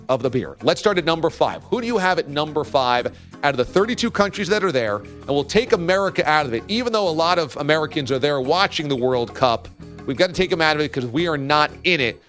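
A man's voice: fairly high pitch, fairly bright tone. A man hosting a casual sports talk show, telling stories emphatically and acting out mock quotes. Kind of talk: casual sports radio banter.

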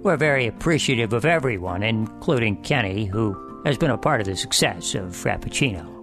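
A man putting on the voice of a polished corporate spokesperson, formal and smooth. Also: lowish voice, animated, brisk, music in the background. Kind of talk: comic impression.

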